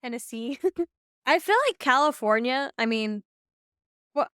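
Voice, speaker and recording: A woman's voice: sits high, lively intonation, slow pace, fairly bright tone, smooth, dry recording, clean studio sound. Chatty young woman streamer. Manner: chatty, rambling, uses "like" constantly. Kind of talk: casual gameplay commentary. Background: faint game music.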